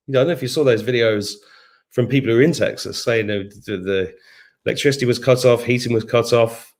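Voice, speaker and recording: A middle-aged man hosting a casual live stream from his home kitchen, rambling and chatty as he reads out viewer comments and hums to himself between them. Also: medium pitch. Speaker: livestream host.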